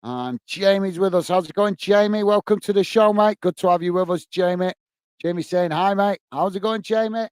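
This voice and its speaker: A man's voice: sits high, normal speed, darkish tone, smooth, no room sound. Chatty man hosting a football stream. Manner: chatty, friendly, frequent fillers and greetings to viewers. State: a bit out of breath. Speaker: football watch-along host. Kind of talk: casual live-stream chat reading viewer comments.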